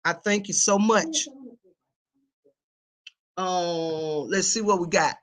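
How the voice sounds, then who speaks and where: A woman hosting a casual livestream, reading viewer comments and chatting in an animated, colloquial way with lots of repetition and laughter. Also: fairly low pitch, slow, rough recording.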